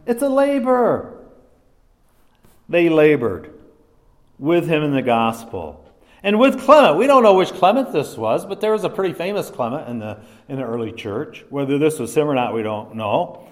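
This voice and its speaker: A man delivers a sermon in a loose, conversational way, often restarting his sentences and poking fun at himself. His voice sits a little higher than most men's. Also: very animated, moderate pace. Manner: conversational, self-deprecating preaching with many restarts and fillers. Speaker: pastor.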